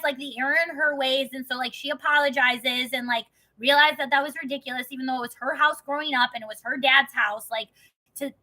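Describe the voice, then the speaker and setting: A young woman from Wisconsin vents through a personal story in a loose, fired-up vlog. She talks in a high, very bright and sharp voice. She swears freely and strings her sentences together with "like.". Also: rough recording. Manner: profane, heated, heavy use of "like" as filler. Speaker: vlogger. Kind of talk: casual storytelling.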